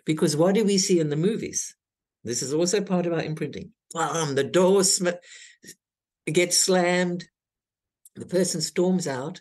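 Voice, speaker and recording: Her fairly low, slightly mellow voice keeps a moderate pace as this guest, an intimacy teacher and author, explains her ideas one step at a time. She talks earnestly in an interview conversation.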